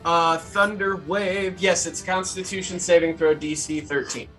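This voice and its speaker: A man's voice: high-pitched, fairly even intonation, unhurried, bright, forceful tone, soft background music. A man playing a tabletop game who speaks eagerly and checks the rules aloud. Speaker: player.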